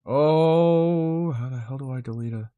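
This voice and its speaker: A man's voice: mid-range voice, a little slow, smooth, phone-quality sound. A man streaming live, muttering to himself and apologizing to his chat while he fights with his stream setup, swearing in exasperation.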